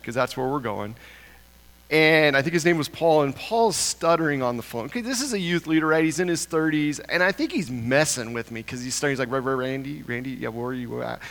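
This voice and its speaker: A man with a slightly high voice preaches a storytelling sermon, animated and self-deprecating, laughing at himself as he goes. He is from Idaho and speaks as a pastor before a congregation. A long hall reverb trails each phrase. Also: a little fast.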